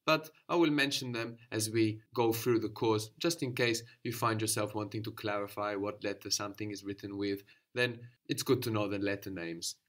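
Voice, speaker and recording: A man's voice: on the low side, normal speed, hardly any pauses, fairly bright tone. Patient male language teacher. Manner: patient, explains step by step and prompts the student. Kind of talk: guided language lesson.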